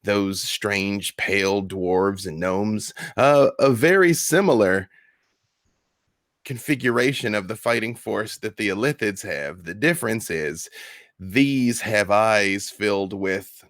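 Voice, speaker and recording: Slow, low-voiced male game master. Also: a bit bright, dry recording, clean studio sound. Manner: measured, descriptive narration. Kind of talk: narrating a tabletop game.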